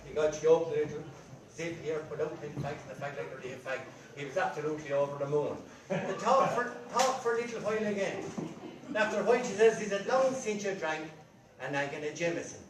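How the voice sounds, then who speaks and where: A man's voice: on the high side, fast, background noise. Echoey far-off Irish man telling jokes. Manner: lively, chatty comic storytelling. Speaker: storyteller. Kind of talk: telling jokes to a live audience. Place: large room at a rambling night. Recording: echoey room from far off, crowd. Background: audience laughing.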